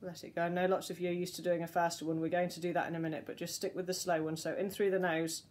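Gentle woman guiding a vocal warm-up. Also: lowish voice, level tone. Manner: gentle, soothing, slow guiding instructions. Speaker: voice teacher. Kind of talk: guided vocal warm-up lesson.

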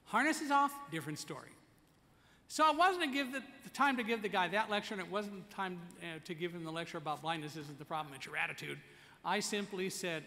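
A man's voice: high voice, lively intonation, fairly quick, gravelly, sharp tone. A man giving a keynote speech at a conference, telling a story vividly and speaking directly to the audience. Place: conference hall. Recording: echoey conference hall.

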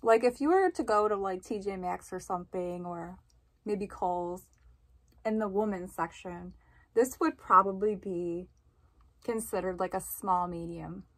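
A woman talks through a clothing try-on in a loose, unhurried way, drifting between sizing notes and jokes about herself. Her pitch sits mid-range for a woman, and she lets her thoughts wander as she goes. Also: poor audio. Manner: chatty, rambling, jokey and self-deprecating. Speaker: fashion vlogger. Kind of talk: casual try-on review.

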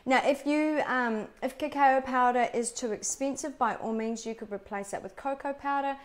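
A woman's voice: high-pitched, moderate pace. A woman hosting a live cooking demonstration, explaining recipe steps. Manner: chatty, explains steps as she goes. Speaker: cooking show host.

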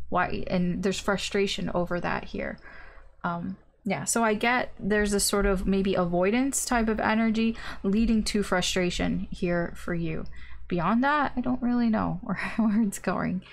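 A woman's voice: mid-range voice, measured pace, creaky. Woman doing a chill tarot reading, hedges a lot, lots of ums, kinda blunt. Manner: hedging, thinking aloud with many ums and maybes; blunt and informal, with mild swearing. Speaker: tarot reader.

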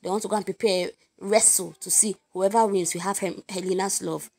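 A woman's voice: mid-range voice, a little fast. A young woman with a Nigerian accent giving a chatty, informal lesson summary, talking straight to her listeners. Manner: chatty, animated, addresses listeners directly. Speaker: literature teacher.

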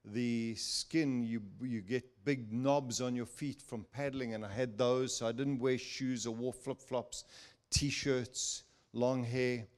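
An older guest speaker preaches in a church, telling a personal story with laughter and acting out quotes. His medium-pitched voice is slow and his manner animated.

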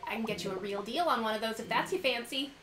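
Old NY antique-shop granny, brassy and folksy, pitched high, woman doing the voice; echoey room, music under. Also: fast, lightly acted. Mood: sassy. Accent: put-on New York. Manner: brassy, folksy, calls people pet names.

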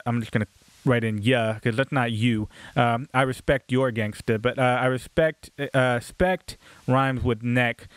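A man's voice: medium pitch, clean tone, no echo. A man giving a recorded lecture on rhyming, explaining casually with many fillers and restarts. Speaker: music instructor.

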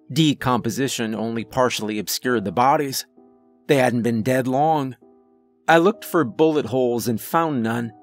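A man narrating a first-person horror story in a measured, grave, deliberate manner. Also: medium pitch. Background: faint music.

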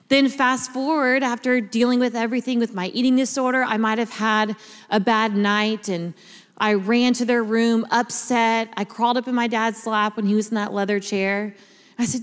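A woman's voice: fairly high pitch, steady tone, fairly quick. A woman, preaching a sermon and telling stories in a chatty way. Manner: chatty storyteller, addresses the congregation as y'all. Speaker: pastor. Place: large church auditorium. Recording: long church hall reverb.

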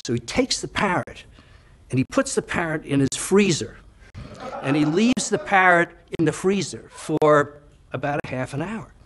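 Older man telling a joke, lively pitch. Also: normal speed. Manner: animated, lots of "uh" fillers, acts out the voices. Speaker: joke teller.

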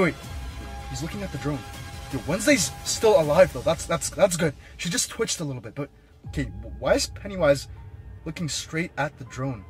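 Excitable high-voiced young man vlogging. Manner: excitable, keeps exclaiming and addressing viewers. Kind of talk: excited live commentary.

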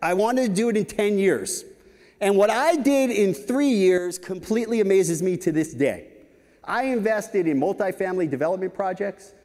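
A man in his fifties giving a conference talk, telling lively anecdotes with frequent "right?" asides. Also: sits high, moderate pace. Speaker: keynote speaker. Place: large conference hall stage. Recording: reverberant conference hall.

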